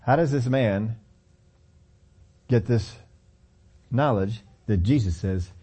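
A man's voice: medium pitch, takes it slowly, dark tone, husky. A man preaching a sermon in a conversational way, acting out lines of scripture dialogue as he tells the story.

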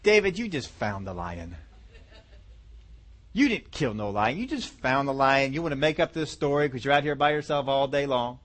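A man's voice: medium pitch, lively intonation, normal speed, lightly acted. A man doing a scornful older brother. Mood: scoffing.

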